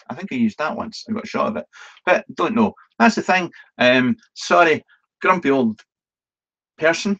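A man rambles through a casual live Q&A stream, stumbling over restarts and filling pauses with ums. He is chatty and self-deprecating and swears now and then, at a middling pitch. The stream audio sounds dull and lo-fi. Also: animated, a bit bright. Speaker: vlogger hosting a live Q&A.

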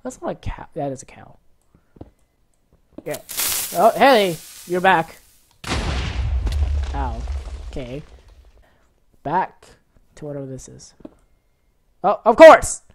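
A woman hosting a gaming channel, giving excitable let's-play commentary and reacting loudly to what happens on screen. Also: low voice, takes it slowly, long pauses, slight background noise.

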